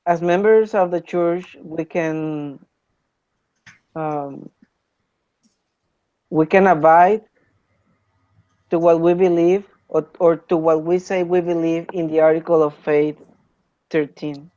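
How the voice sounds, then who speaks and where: A soft-spoken woman in a casual study group, hesitant and full of fillers. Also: low-pitched, fairly even intonation, slow pace, pauses often, lo-fi sound.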